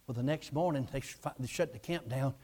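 A man preaching a lively story, acting out voices and often shouting. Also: medium pitch, a little fast. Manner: animated, acts out voices, shouts and laughs. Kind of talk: storytelling sermon.

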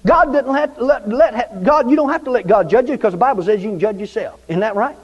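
In a dull lo-fi recording soaked in long church reverb, a fast-talking man with a very high voice delivers a fervent, repetitive sermon, often calling for amens.

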